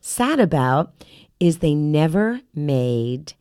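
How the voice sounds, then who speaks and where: Low-voiced chatty woman guest. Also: sing-song, dark tone, clean tone, dry recording, clean studio sound. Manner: chatty, halting, many restarts. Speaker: guest, character actress. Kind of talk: casual podcast interview.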